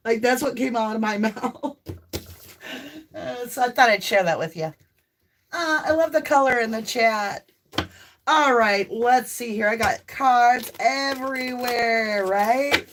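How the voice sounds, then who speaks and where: Her voice is a little high, and a little hiss or hum runs through the recording. She's a woman from the American South with a light Southern US accent, chatting casually on her live tarot stream, talkative, laughing often and letting out loud whoops.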